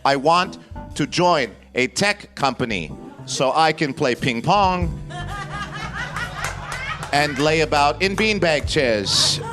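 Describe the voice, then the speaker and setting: A comedian performing a playful spoken-word comedy poem live on stage, with rhythmic chanted repetitions. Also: male voice, a little high, animated, slow, pauses often, a bit bright, faint music behind.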